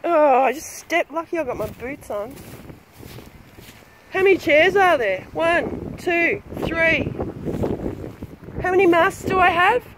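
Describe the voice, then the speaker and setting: A woman's voice: extremely high pitch, expressive, slow, long pauses, background noise. A woman, ranting angrily and swearing while filming herself outdoors on her phone. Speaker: vlogger. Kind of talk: angry rant vlog while walking. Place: outdoors on a street.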